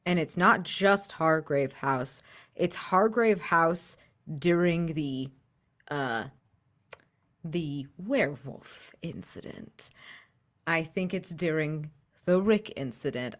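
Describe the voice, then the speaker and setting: A woman improvises her part in a tabletop game. Her voice is low and her pace slow. She talks tentatively and builds each idea aloud. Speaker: player.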